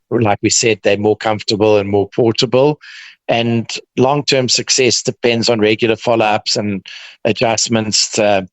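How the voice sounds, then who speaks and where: A man with a South African accent, a dentist guest explaining treatment in relaxed, casual chat. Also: lowish voice, dry recording, rough recording. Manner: relaxed, explains with examples and restarts.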